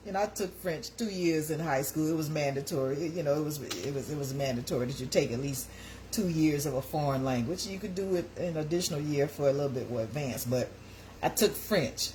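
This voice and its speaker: A woman's voice: low-pitched, normal speed, a little mellow, slight background noise, poor audio. A woman hosting a casual live-stream chat from her kitchen, folksy and chatty, talking straight to her viewers.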